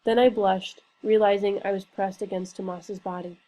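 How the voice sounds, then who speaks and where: A woman reading a novel aloud in a steady, earnest storytelling manner. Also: medium pitch, normal speed, rough recording. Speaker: reader. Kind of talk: audiobook narration.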